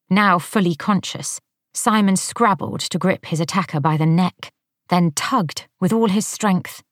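A woman narrating an audiobook in a measured, wry storytelling manner. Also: on the low side, no room sound, studio quality.

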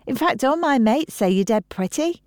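A cheeky, quick-witted teenage girl, as a woman reader puts her on, pitched up high and brightly above the narration. She teases her elders with a sly edge, and the reading sounds close and dry. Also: expressive, no room sound. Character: cheeky seventeen-year-old girl, teasing niece.

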